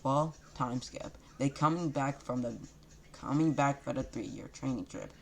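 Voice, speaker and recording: A man's voice: mid-range voice, unhurried, gravelly, a bit bright. Rambling man improvising a fan story. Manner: rambling, self-correcting, loose grammar. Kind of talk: improvised casual story narration.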